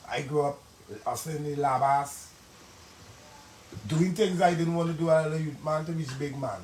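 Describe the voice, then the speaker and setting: A Trinidadian man tells his story on a live stream, earnest and pleading, rambling in thick dialect. His voice sits somewhat high. The sound is roomy, with a faint hum of noise behind him. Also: steady tone, moderate pace. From Trinidad and Tobago. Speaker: guest telling his life story. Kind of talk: emotional live-stream testimony.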